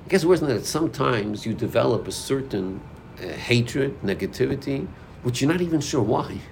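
A man's voice: medium pitch, animated, moderate pace, vocal fry, slight background noise. A man teaching an informal Torah class, acting out inner voices and dialogues as he explains.

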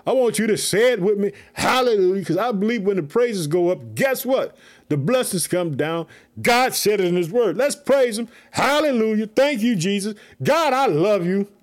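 Fervent high-voiced preacher man. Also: animated. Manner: fervent, repeats "family" and "let me tell you something"; reads scripture slowly, then preaches in bursts. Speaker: preacher and podcast host. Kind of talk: sermon.

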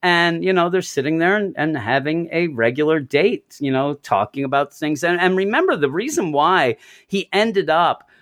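A man's voice: a little high, expressive, normal speed, fairly bright tone. A man casually discussing comics on a podcast, enthusiastically retelling scenes and quoting the characters' lines. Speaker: comic book podcast host.

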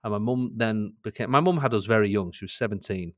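A man's voice: fairly low pitch, fast talker, dry recording. Chatty Mancunian man, dry close sound. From Manchester, England. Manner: chatty, self-mocking, laughs between lines. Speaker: comedian guest. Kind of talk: casual interview chat.

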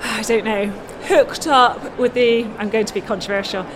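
Brief: woman guest, higher voice, chatty and giggly, steady background noise. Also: normal speed. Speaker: university lecturer and guest. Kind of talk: conversational interview.

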